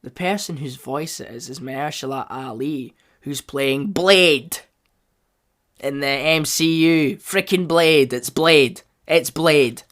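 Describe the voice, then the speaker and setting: A man hosting a solo podcast, rambling casually and bursting into loud enthusiasm. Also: on the high side, slow pace. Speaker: podcast host.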